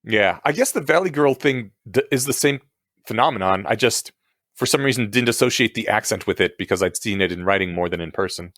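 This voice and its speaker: A man co-hosting a podcast, chatting casually and relaxed, often agreeing briefly. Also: lowish voice, brisk, no echo, clean studio sound. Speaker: podcast co-host. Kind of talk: casual chat.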